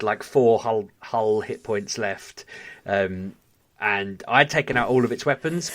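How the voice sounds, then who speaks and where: Guy on a podcast, lowish voice, chatty and excitable, laughs a lot. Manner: animated storyteller, quick to laugh. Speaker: podcast co-host. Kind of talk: casual chat.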